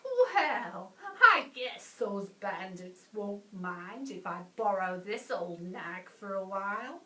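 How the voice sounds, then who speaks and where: A woman's voice: mid-range voice, lively intonation, slow pace, bright, forceful tone, far from the mic. A woman voicing a smelly, boastful male cowboy bandit with a folksy drawl, reading a storybook aloud. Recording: echoey room, voice off-mic.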